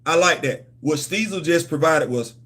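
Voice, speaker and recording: A man's voice: fairly high pitch, normal speed, a bit bright. A man hosting a comics and culture channel, talking in a loose, playful, repetitive way with slang. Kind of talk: casual livestream chat.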